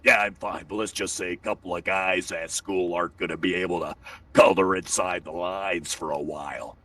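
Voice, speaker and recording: A man voicing his twelve-year-old son as a gruff, menacing tough guy with a low, mock-tough mutter. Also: steady tone, normal speed, pushed and bright, no room sound, far from the mic.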